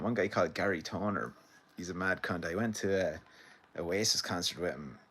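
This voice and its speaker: A deep-voiced Irish man hosts a casual live stream, chatting loosely with his viewers as he reads their comments. He rambles, swears freely and laughs along. His pitch sits low and steady. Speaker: livestream host.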